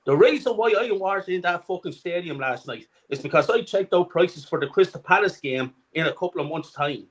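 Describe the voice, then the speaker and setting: A man's voice: high voice, expressive, brisk, poor audio. A middle-aged man, co-hosting a fan channel and delivering an angry, profane rant. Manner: furious, profane, shouting rant. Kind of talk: angry ranting fan commentary.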